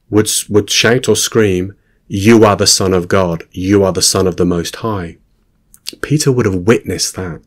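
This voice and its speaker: A man giving a reflective Bible teaching, earnest and thoughtful, often quoting scripture. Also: lowish voice. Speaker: Christian teacher.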